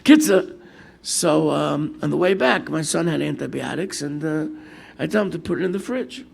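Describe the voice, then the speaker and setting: An older American rabbi speaks at normal speed in a creaky voice on the high side. During his Torah class he relates stories from the sermon, performing the characters' lines and mixing in Hebrew and Yiddish terms.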